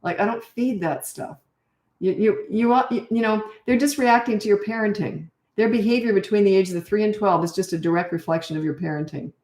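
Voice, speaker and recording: An older woman with a medium-pitched, darkish voice speaks fairly quickly, coaching parents in casual conversation. She's blunt and no-nonsense, often acting out what parents and children say, and the sound is roomy.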